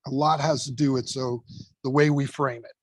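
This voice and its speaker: Man, fire training instructor, husky voice, dry close sound, emphatic, swears a lot. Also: medium pitch, normal speed, dry recording, low-quality recording. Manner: emphatic, profane, animated storyteller. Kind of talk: casual podcast storytelling.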